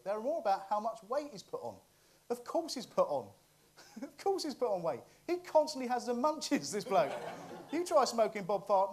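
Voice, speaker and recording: A man hosting a comic news monologue, cheeky and often laughing at his own jokes. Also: high-pitched. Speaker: comedy show host.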